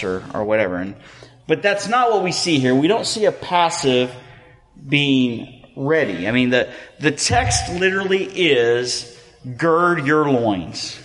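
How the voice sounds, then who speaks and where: A man's voice: mid-range voice, lively intonation, measured pace, a bit bright. Man, pastor, sermon, conversational, mid-range voice, hall reverb. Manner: conversational, self-deprecating, many fillers.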